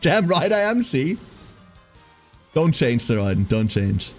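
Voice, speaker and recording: A man's voice: a little high, sing-song, unhurried, soft background music. A man chatting casually on a live stream while playing a game, swearing freely and laughing often.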